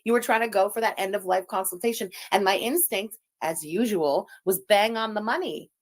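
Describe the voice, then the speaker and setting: A woman's voice: medium pitch, brisk. A woman whose first language is French hosts a live stream, commenting in a profane, mocking and scornful way. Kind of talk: casual commentary.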